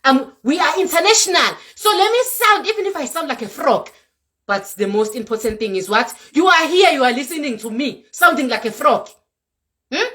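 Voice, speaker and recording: A South African woman vlogger scolding her viewers, lively and animated, dropping Zulu words into her English. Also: high-pitched, moderate pace. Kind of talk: ranting to viewers. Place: home in Europe.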